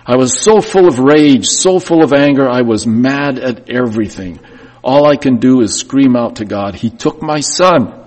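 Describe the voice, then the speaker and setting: A man's voice: mid-range voice, normal speed, a little mellow. A man preaching a sermon and telling a hard story in the first person, his voice swelling and dropping with emotion. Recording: long reverb of a church hall.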